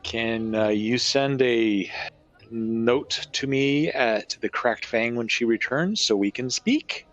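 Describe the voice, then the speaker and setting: A man's voice: medium pitch, takes it slowly, fairly bright tone. Male player, flowery theatrical in-character speech, dull recording. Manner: flowery, theatrical diplomat talk. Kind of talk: in-character role-play.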